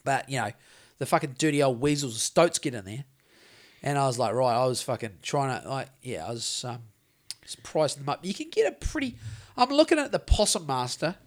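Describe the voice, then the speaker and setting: Podcast co-host, New Zealand man, fairly high voice, swears freely, rambles and jumps between stories. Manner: sweary, rambling, animated storytelling. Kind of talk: casual chat.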